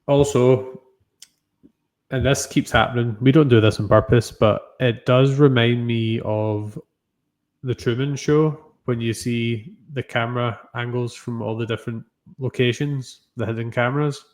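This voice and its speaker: A man's voice: mid-range voice, fairly even intonation, darkish tone. A man co-hosting a chat about a TV episode, offering careful, hedged readings. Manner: measured, analytical, hedging. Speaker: podcast co-host reviewing TV. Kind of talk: casual chat.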